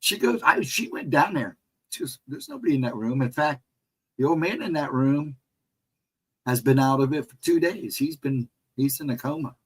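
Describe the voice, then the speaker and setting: Husky man telling a ghost story. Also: medium pitch, moderate pace. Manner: rambling, animated, laughs often, mimics voices in dialogue. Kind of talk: casual storytelling.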